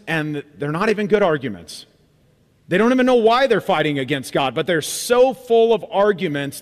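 Guy preaching a sermon, kinda high voice, big echo from the church hall. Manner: animated, emphatic, repeats phrases. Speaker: pastor. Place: church sanctuary.

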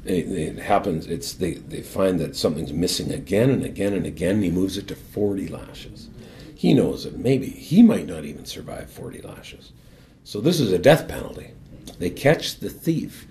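An older man with a very low, deep voice tells his story as a guest on the program. He speaks earnestly and with lively storytelling energy. A faint low rumble sits under his voice. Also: normal speed. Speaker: guest, former hockey captain. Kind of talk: personal testimony and storytelling.

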